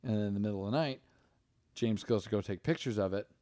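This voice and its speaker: A young man hosts a podcast, recapping a film in a loose, rambling way, full of swearing and acted-out lines. His voice sits low, and the recording is dry and close. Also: quick pace, mellow, no room sound. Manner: profane, rambling, acts out characters' lines. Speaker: podcast host. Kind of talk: casual chat, movie recap.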